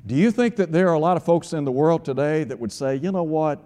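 A man's voice: fairly high pitch, lively intonation, fast, dark tone. A man preaching a radio sermon with emphatic delivery, asking rhetorical questions and quoting scripture. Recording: long hall reverb.

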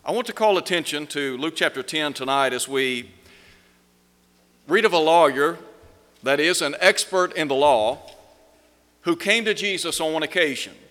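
Bright-voiced man preaching in a reverberant hall. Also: fairly high pitch, lively intonation. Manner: measured preaching cadence, varied pace and emphasis. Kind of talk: evening sermon.

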